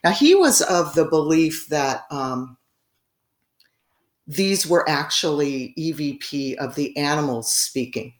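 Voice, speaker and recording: A woman's voice: deep voice, expressive, takes it slowly. A woman telling a story casually as a guest, rambling with frequent fillers and laughs. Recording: echoey room.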